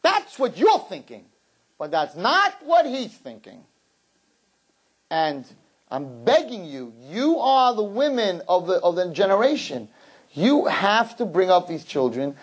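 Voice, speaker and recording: A man delivers a sermon with a slightly husky, breathy edge. His pitch leaps up and down as he presses his points. He stumbles over repeated words, then tosses jokes to the crowd. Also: unhurried. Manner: animated, emphatic, repeats words when starting; joking asides to the audience. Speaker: rabbi giving a talk to young women.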